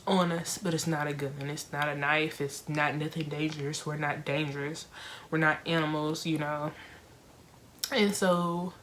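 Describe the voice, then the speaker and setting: A young woman casually reviewing a film for her viewers, talking in an emotional, expressive way with lots of fillers. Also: low voice, measured pace, a little hiss or hum.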